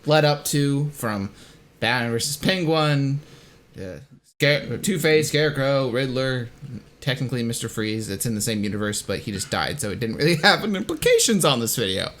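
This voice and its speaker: A man's voice: mid-range voice, very animated, moderate pace, a bit bright. A young man hosting a casual, self-mocking commentary, rambling and swearing now and then. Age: young adult. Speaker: host.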